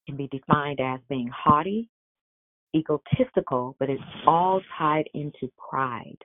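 A woman's voice: low voice, no echo. Woman in her forties preaching a sermon, tinny. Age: 40s. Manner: animated storytelling with quoted dialogue. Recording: tinny phone-like sound.

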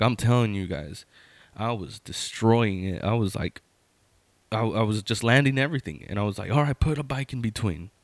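A man in his thirties spins a casual story, circling back and restarting often. His voice sits on the low side, and the recording is dry and close with no room sound. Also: dry recording. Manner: rambling, lots of fillers and restarts.

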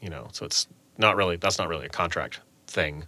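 Homem animado de voz brilhante. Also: male voice, deep voice, brisk, dry recording. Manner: animated, acts out quotes in a raised voice. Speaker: game studio lead who hires contractors. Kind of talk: casual podcast chat.

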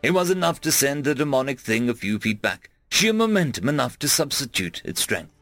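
A man narrating a first-person action story in a dramatic, lively way. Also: medium pitch, brisk, no room sound, faint music behind. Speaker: audiobook narrator.

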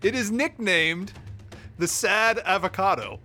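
A man's voice: high voice, animated, a little slow, loud music behind the voice. A man co-hosting a podcast in casual chat, often laughing through his lines. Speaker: podcast co-host.

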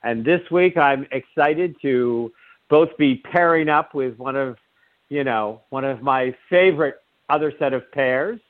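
A man's voice: mid-range voice, a little slow, no room sound, narrow, tinny audio. A man hosting a live call-in radio show, joking and rambling with lots of fillers.

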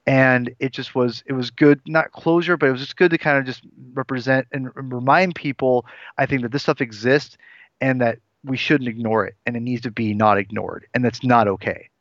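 A man's voice: medium pitch, fairly bright tone, dry recording. A forty-year-old man co-hosting a casual podcast, speaking earnestly and circling back on himself with restarts. The sound is dull and lo-fi, with a dry, close feel. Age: 40s. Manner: earnest, rambling with frequent restarts. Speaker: podcast co-host.

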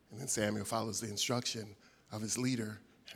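Man preaching with wide loudness swings. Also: level tone, fast, husky. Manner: storytelling with big swings in loudness and pitch; conversational, many fillers. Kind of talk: sermon.

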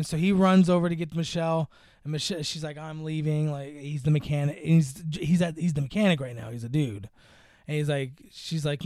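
Speaking a little fast in a steady, darkish tone, a young podcast co-host casually walks through a film's story from a home room. The sound is clean studio quality with no room sound, and his filler-heavy, rambling recap includes lines acted out in higher voices.

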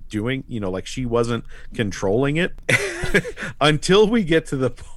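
Sarcastic podcast guy, really expressive voice, dry close mic. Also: medium pitch, a little slow, dry recording. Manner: animated, sarcastic, laughs often. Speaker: podcast co-host. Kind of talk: casual podcast chat.

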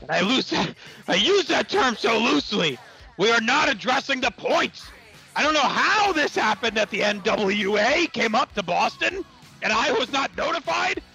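A man playing a brash, foul-mouthed wrestling promoter who blusters and shouts crude insults. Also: very high-pitched, very animated, moderate pace, gravelly, husky, soft background music, exaggerated voice, poor audio. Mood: blustering.

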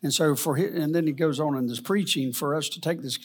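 Husky man teaching a rambling Bible lesson. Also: a little high. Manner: rambling, halting, with many fillers and restarts.

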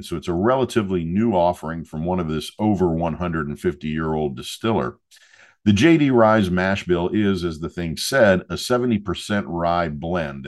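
A chatty male podcast host with a very low, deep voice. He talks in a loose, joking way, full of asides, as if chatting with his regular listeners. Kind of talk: casual podcast monologue and product review.

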